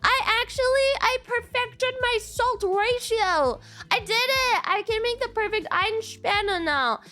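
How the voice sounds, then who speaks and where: A woman's voice: very high-pitched, expressive, a little slow, pushed and bright. A young woman streamer, freshly woken and sleepy, chatting casually with viewers, giggling and swearing. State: sleepy, just woke up. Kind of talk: casual livestream chat.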